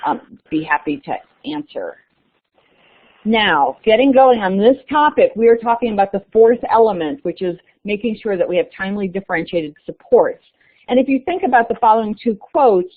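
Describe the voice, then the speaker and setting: A woman presenting on a webinar as lead author, chatty and loose with fillers. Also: mid-range voice. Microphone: conference call line. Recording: tinny phone-line audio.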